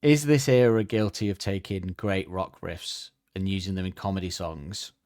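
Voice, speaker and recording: A man's voice: low-pitched, normal speed, a little mellow, no echo, studio quality. A man hosting a podcast, chatting casually and rambling with lots of fillers. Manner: rambling, hesitant, many fillers. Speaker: podcast host. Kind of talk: casual chat.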